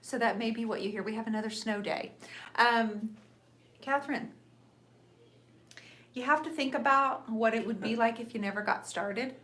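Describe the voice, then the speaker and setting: A middle-aged woman hosting a live painting show, chatting warmly and encouraging viewers, calling them sister and honey. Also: on the high side, moderate pace, long pauses. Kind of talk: live painting stream chat. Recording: echoey room with faint noise.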